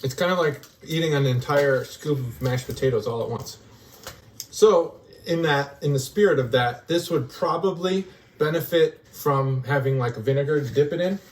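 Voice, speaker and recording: A man's voice: on the high side, normal speed. A middle-aged man, a dad, casually reviewing food with his kids in an upbeat, joking way. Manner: jokey, upbeat, playful dad humor. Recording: voice picked up from a distance.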